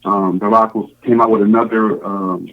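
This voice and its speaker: A man's voice: lowish voice, level tone, normal speed, narrow, tinny audio. A man from Samoa, a podcast guest, recounting his story in a casual, rambling way with many fillers and restarts. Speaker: podcast guest, show contestant.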